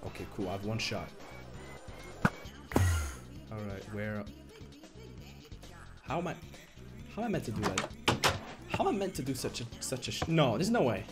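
A man's voice: mid-range voice, big pitch swings, moderate pace, long pauses. Frustrated young man streaming a game, music behind. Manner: frustrated, swearing, swings from mumbling to shouting. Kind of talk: live gameplay commentary.

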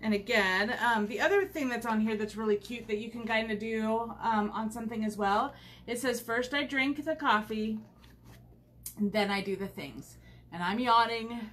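A woman's voice: fairly high pitch, moderate pace, a bit bright. A woman chatting casually while demonstrating a craft on a livestream, rambling with many fillers, recorded at home on the camera mic.

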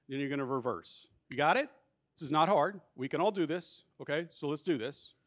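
A man with a slightly high voice leads a conference workshop, speaking with energy and emphasis. He keeps it conversational and often restarts his sentences as he drives home his points. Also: animated, brisk. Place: conference hall. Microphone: handheld or lapel microphone.

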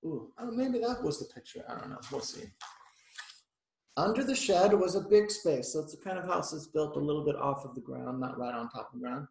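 A man's voice: on the high side, expressive, brisk, vocal fry, a little mellow, reverberant, rough recording. A male teacher reading a picture book aloud to children, stopping to explain the pictures and ask them questions. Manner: chatty, explains the pictures, asks the kids questions.

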